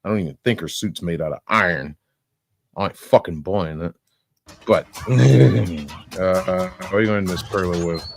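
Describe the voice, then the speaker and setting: A man's voice: low-pitched, normal speed, creaky, no echo. A man rambling casually and profanely through commentary, dropping sound-effect fillers and laughing now and then. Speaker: reaction streamer.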